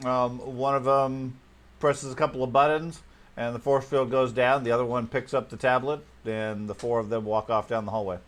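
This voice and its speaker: A man narrating a tabletop role-playing game as game master, relaxed and halting, with many pauses. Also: mid-range voice.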